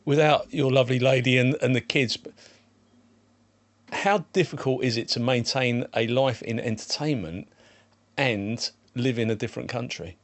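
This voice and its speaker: Male interview host, mid-pitched, dry sound, long leading questions. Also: normal speed, no room sound.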